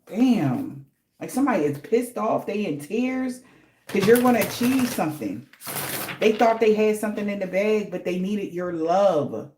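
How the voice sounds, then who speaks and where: A woman's voice: mid-range voice, lively intonation, normal speed, reverberant, noisy background. A woman giving a casual spiritual reading, blunt and slangy, swearing freely for emphasis. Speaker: tarot reader.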